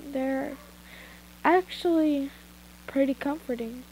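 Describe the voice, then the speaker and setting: Amateur woman reader, high-pitched, unhurried, casual with asides; phone mic. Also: a little mellow, a little hiss or hum, low-quality recording. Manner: informal reading with frequent asides and retakes. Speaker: fanfiction reader. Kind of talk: amateur story reading.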